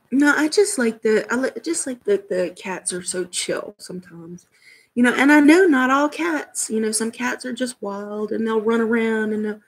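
A woman's voice: medium pitch, husky, low-quality recording. A woman hosting a casual livestream chat from home, rambling and laughing often as she talks to viewers. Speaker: livestream host.

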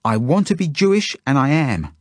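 Storybook child: a man voices a fierce little girl, high and loud, defiant. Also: sing-song, normal speed, dry recording, studio quality. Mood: stubborn. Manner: shouting, defiant.

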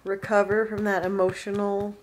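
A woman's voice: mid-range voice, flat delivery, normal speed, a little hiss or hum. A woman in her thirties chatting casually at home for her weekly vlog, laughing often and talking to her dogs. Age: 30s. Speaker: vlogger. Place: at home indoors.

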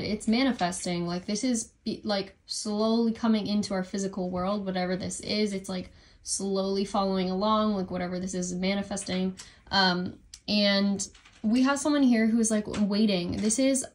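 A young woman giving a casual tarot reading at home, rambling through many fillers and apologizing for her slips. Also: medium pitch. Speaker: tarot reader.

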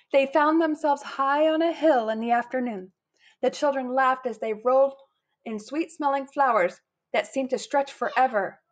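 A woman reading a children's picture book aloud, bringing the characters' lines to life with lively put-on voices. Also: on the high side. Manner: animated, putting on lively character voices for quotes. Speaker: storybook reader.

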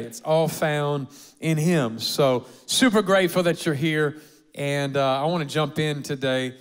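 A man preaching a lively, humorous sermon as pastor in a church auditorium, rallying the congregation. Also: a little high, clean tone. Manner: energetic, humorous, rallies the congregation.

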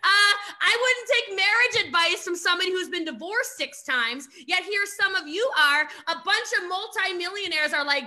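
Woman coach, high and bright, emphatic and animated, video call. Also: moderate pace, few pauses. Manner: animated, emphatic, laughs often, mock voices. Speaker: network marketing coach. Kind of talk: motivational talk on a video call.

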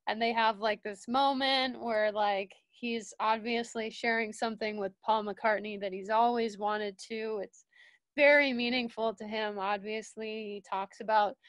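A young woman and studio manager telling a casual story, full of fillers and restarts, jumping higher when she quotes people. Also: steady tone, a little slow, fairly bright tone, dry recording.

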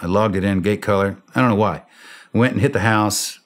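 Ex special ops guy, low voice, chatty war story, laughs, acts out the dialogue. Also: brisk. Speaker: former special forces operator, podcast guest.

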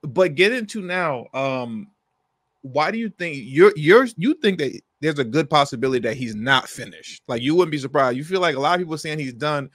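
A man's voice: fairly high pitch, expressive, normal speed, a bit bright, no room sound, studio quality. A man co-hosting a casual podcast, asking slangy, incredulous questions and laughing often. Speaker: podcast co-host.

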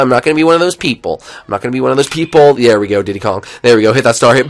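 Young man, live game streamer, chatty, excitable, loud outbursts, mid-range voice. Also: medium pitch, fairly quick. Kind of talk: live gameplay commentary.

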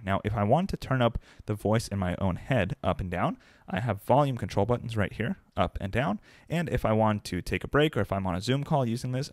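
A young man giving an upbeat, conversational product review to camera from his home desk, speaking close into a desk mic on a boom arm. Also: no echo. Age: young adult. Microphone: dynamic desk mic on a boom arm, close.

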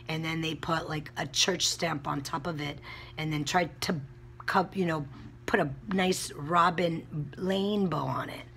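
Woman vlogger, blunt heated rant with lots of swearing; slow, deliberate delivery. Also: sits low, fairly even intonation, creaky, fairly bright tone, slight background noise. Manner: blunt, heated, frequent cursing. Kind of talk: casual vlog rant.

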